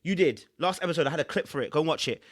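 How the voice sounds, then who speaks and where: A man's voice: on the high side, animated, very fast. A man, a relationship coach giving emphatic, preachy reaction commentary.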